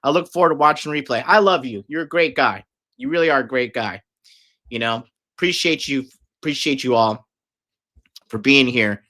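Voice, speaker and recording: A man's voice: mid-range voice, normal speed, pauses often, pushed and bright. A man hosting a livestream, talking casually and aggressively, swearing often and berating his viewers. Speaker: livestream host. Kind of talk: profane livestream rant.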